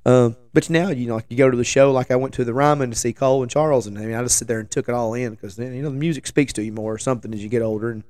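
A man in his forties with a hoarse voice after the flu, telling a rambling, joking story as a show host. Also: medium pitch, steady tone, racing, few pauses, a little mellow, no echo. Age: 40s. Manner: rambling, self-deprecating, joking asides. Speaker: podcast host. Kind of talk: casual storytelling chat.

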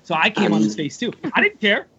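A young man guesting on a podcast, crude and animated, laughing through his stories in casual chat. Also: sits high, fast talker, background noise. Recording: dull lo-fi audio.

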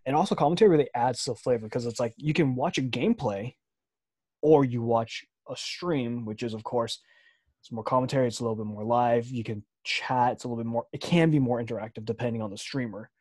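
A young man co-hosting a podcast in casual chat, laid-back and joking, trailing off softly. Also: mid-range voice, fast talker, breathy edge, no room sound, studio quality. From Chinese descent, speaks Mandarin. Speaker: podcast co-host.

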